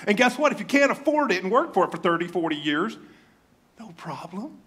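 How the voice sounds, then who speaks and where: A male pastor preaching a sermon, animated and joking, often mimicking his congregation in a raised voice. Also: high-pitched, fairly quick, husky.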